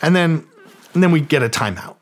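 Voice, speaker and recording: A man's voice: a little high, expressive, a little fast, slight background noise. A man in his forties from Canada, telling a long story in a casual interview, swearing a lot, full of fillers, and acting out the voices of the people in it. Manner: profane, rambling anecdotes full of fillers, acting out quoted voices. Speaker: guest, music producer and DJ.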